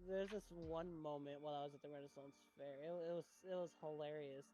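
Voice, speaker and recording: A young man chatting as a podcast co-host, drunk, excitable, swearing and laughing a lot. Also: on the high side, a little fast. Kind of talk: casual chat.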